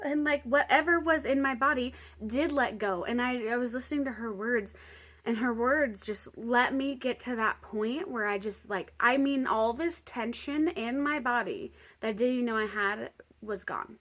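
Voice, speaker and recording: A young woman vlogger telling a personal story, animated and chatty, acting out both sides of a conversation with lots of "like". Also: on the high side, moderate pace. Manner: animated, lots of "like", acts out dialogue.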